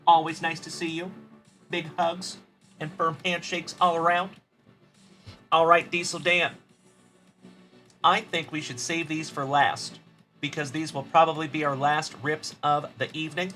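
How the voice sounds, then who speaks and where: A man's voice: on the high side, little pitch movement, a little slow, long pauses, bright, forceful tone, faint music behind. A man hosting a card-opening livestream, upbeat and friendly, greeting viewers by name as he goes. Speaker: host of a trading card break livestream. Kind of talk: livestream chat shout-outs.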